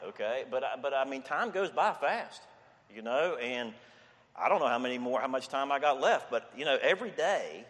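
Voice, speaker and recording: A man preaching a sermon in a relaxed, conversational way, often checking in with "okay?". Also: mid-range voice. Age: 60s. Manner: conversational, repeats "okay?" and "I mean". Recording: long hall reverb.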